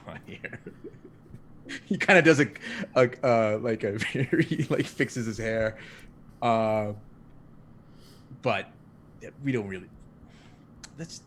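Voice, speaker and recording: A man's voice: lowish voice, slow pace, pauses often, a bit bright, a little hiss or hum. A man playing a tabletop role-playing game, describing his character in a laid-back, chuckling way. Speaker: player. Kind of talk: tabletop role-play narration.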